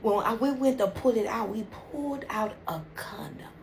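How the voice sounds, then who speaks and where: A woman voicing a blunt female surgeon who speaks calmly and matter-of-factly. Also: fairly high pitch, normal speed, vocal fry, a little hiss or hum. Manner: calm, matter-of-fact.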